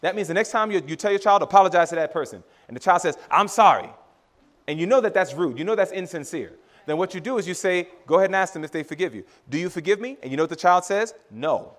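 A man's voice: high voice, rapid-fire, hardly any pauses. A male preacher giving a sermon to a congregation, acting out family dialogue and calling his listeners brothers and sisters. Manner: animated, laughing, acts out dialogue with his children; addresses audience as brothers and sisters.

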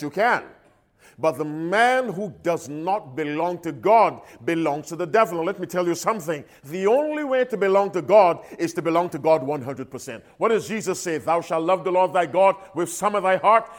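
A man preaching a sermon with a lively, animated voice that rides up and down. He swings between loud, emphatic appeals and soft, low asides in a call-and-response style.

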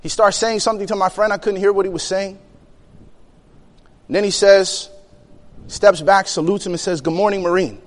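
A young man telling a personal story in an animated way, acting out the quotes and laughing between lines. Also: sits high, moderate pace, pauses often, big-room sound. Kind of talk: storytelling talk.

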